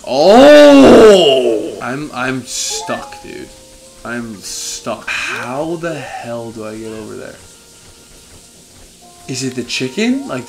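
Excitable young man playing a game. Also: medium pitch. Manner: frustrated, excitable, swears, swings between muttering and yelling. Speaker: gaming video host. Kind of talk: let's-play commentary.

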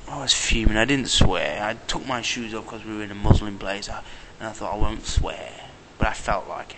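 Gravelly Englishman ranting to camera. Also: on the low side, steady tone, moderate pace, hardly any pauses. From England. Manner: angry ranting, swearing under breath. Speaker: vlogger. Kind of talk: video diary. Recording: noisy outdoor camera audio.

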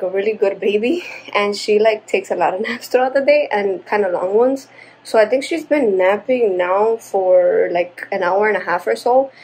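A woman's voice: medium pitch, a little mellow, slight background noise, rough recording. A young woman, a new mother, talking casually to camera at home, out of breath after a workout and chatty and encouraging with many fillers. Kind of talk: casual vlog talk to camera. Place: at home, indoors.

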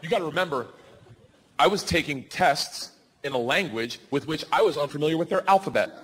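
A man doing loud, animated stand-up storytelling on a comedy club stage. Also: on the high side, a little fast. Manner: loud, animated, bursts into shouting. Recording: noisy live comedy club recording.

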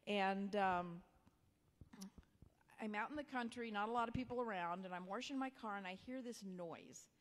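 Woman pastor telling a story. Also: medium pitch. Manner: conversational, with soft whispered emphasis. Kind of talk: storytelling sermon. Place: church sanctuary. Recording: long hall reverb.

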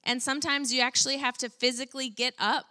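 Bright-voiced woman preaching conversationally. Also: high-pitched, fast. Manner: conversational, animated preaching with fillers. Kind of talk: sermon. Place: church.

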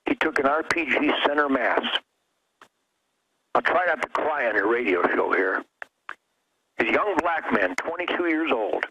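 A man's voice: mid-range voice, bright, forceful tone. Fiery middle-aged man on a noisy line. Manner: fiery, emphatic, preacherly. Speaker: radio show guest. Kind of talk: impassioned political talk radio rant.

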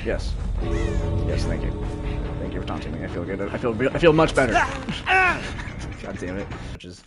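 Young male streamer, animated voice that jumps between quiet mutters and loud outbursts over blaring game music. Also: on the low side, normal speed. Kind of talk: live gameplay commentary.

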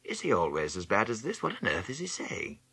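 A stern, quietly menacing headmaster, as a male reader puts him on speaks in a low, husky voice that swings widely in pitch. His words come measured and cutting. The delivery is dry and close for a storybook reading. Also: wildly swooping pitch, dry recording, full character voice. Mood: weary, patient. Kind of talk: audiobook character reading.

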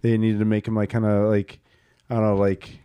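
A man's voice: on the low side, level tone, a little fast, warm tone, clean tone, no echo. A man co-hosting a casual movie review podcast, rambling with many fillers. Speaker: podcast co-host.

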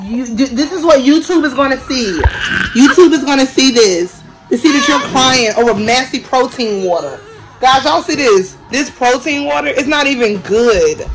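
Young woman, chatty vlogger, laughing, playful, fairly high voice, music behind. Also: animated, normal speed, rough recording. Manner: chatty, laughing, playful, talks to viewers as y'all. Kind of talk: casual vlog chat.

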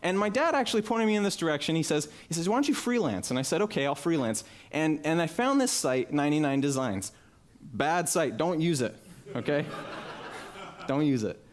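Animated man telling a story on stage. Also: fairly high pitch, normal speed. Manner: animated, acts out quoted voices. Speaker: conference speaker. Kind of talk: personal storytelling talk. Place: talk venue with live audience. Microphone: headset mic.

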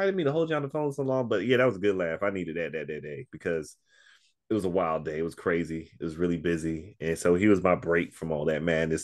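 A man guesting on a podcast, chatting casually and telling stories in a laid-back way, laughing often. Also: sits low. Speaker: podcast guest and co-host of another podcast. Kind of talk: casual interview chat.

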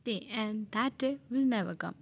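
A woman's voice: medium pitch, normal speed, gravelly, husky, lo-fi sound. A woman voicing a sassy, defiant young man held captive in a fan audio drama.

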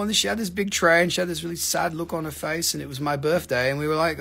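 A middle-aged man with a Southern American accent, hosting a live rock sale in an excitable, rambling, foul-mouthed way. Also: fairly high pitch, quick pace, vocal fry, hardly any pauses, husky. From Southern United States. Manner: excitable, rambling, swears a lot. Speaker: host selling rocks. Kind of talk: live sales stream chat.

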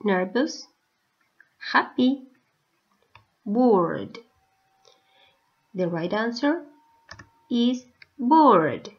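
Teacher, female, higher voice, deliberate spaced-out delivery for learners, muffled low-fi audio. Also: big pitch swings. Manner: slow, carefully spaced words for learners. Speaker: English teacher. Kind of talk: slow recorded video lesson. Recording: dull lo-fi recording.

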